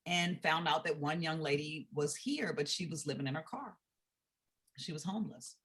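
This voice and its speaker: Brief: woman, low and husky, earnest storyteller for a youth nonprofit. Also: moderate pace, a bit bright. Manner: earnest, storytelling with quoted speech. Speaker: nonprofit founder. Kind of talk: conversational interview talk.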